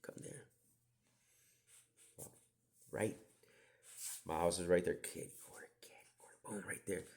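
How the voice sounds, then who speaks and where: Deep, creaky, and darkish in tone, this middle-aged man's voice stays steady and a little slow, with long pauses. On his podcast he tells meandering, profane, digressive stories, often dropping to whispered asides.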